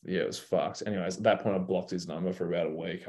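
A man's voice: sits low, fairly even intonation, quick pace, darkish tone. A young Australian man telling stories in a casual interview, laid-back and slangy with plenty of swearing. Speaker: guest basketball player.

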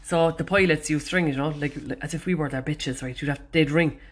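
A woman's voice: low-pitched, a little fast. A woman from Ireland with a Cork accent, hosting a podcast and telling stories in a chatty, self-mocking way that is full of swearing. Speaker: podcast host. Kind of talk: casual storytelling monologue.

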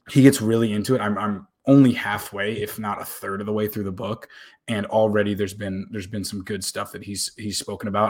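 A man's voice: on the low side, breathy edge. A young man vlogging to camera in a casual, rambling way, often repeating words and swearing now and then.

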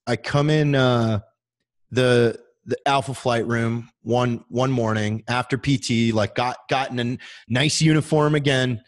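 A man in his thirties, a military veteran guest, telling a story in casual chat. He swears freely and fills his talk with "like". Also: medium pitch. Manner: profane, heavy use of "like" fillers.

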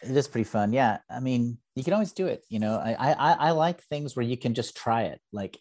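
This podcast guest, an improv teacher, talks fairly quickly in an expressive, slightly mellow male voice of medium pitch. The casual interview chat finds him rambling, poking fun at himself, and leaning on lots of fillers.

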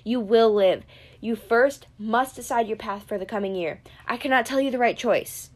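A woman reading the part of a weary, kindly old male centaur teacher in a gentle, measured, grave way. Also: a little high, lightly acted. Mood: gentle firmness. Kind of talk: audiobook character reading.

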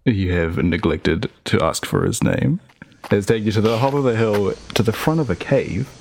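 A man narrating a tabletop game as game master, relaxed and full of hesitant fillers. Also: lowish voice, normal speed, gravelly, a little hiss or hum.

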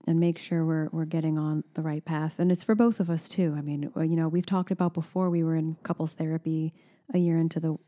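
Earnest woman with a dark, mellow voice. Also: sits low, level tone, brisk. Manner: earnest and supportive, speaking with frequent restarts. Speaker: co-host. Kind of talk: candid personal conversation.

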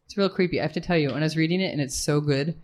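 A woman's voice: low-pitched, rapid-fire, darkish tone. A woman hosting a live reading in a pub carriage house, introducing an author in a casual, enthusiastic way with some swearing. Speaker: reading series host.

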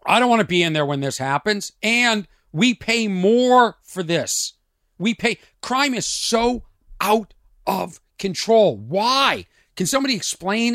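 A man's voice: sits high, lively intonation, measured pace, fairly bright tone, no room sound, clean studio sound. A man hosting a podcast, ranting in a casual monologue from a trailer outside his home. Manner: ranting, rhetorical questions. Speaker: podcast host and comedian.

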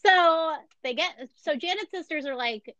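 A woman's voice: extremely high pitch, lively intonation, a little slow, bright, forceful tone, no echo, dull audio. A woman co-hosting a podcast, chatting casually and jokily while retelling a story and acting out the quotes. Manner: chatty, jokey, acts out quotes. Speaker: podcast co-host. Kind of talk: casual chat, retelling a true crime story.

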